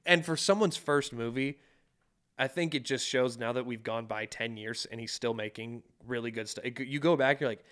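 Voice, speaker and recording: A man's voice: mid-range voice, normal speed, fairly bright tone, smooth. A man co-hosting a podcast in casual chat, rambling and hesitant, swearing casually. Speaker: podcast co-host.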